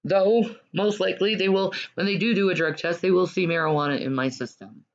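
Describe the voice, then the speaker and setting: A woman in loose, rambling, profane chat, swinging from loud sing-song taunts to low mutters, on dull lo-fi audio. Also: fairly quick. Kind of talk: casual rambling commentary.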